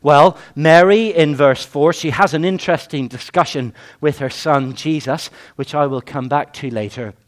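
A man delivering a sermon, building his points through repeated phrases and slowing down on key words. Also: on the high side. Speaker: preacher.

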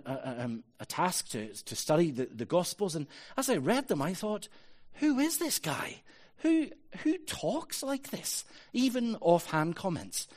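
A man preaching a sermon as a pastor, earnest and building to emphatic rhetorical questions. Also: on the high side.

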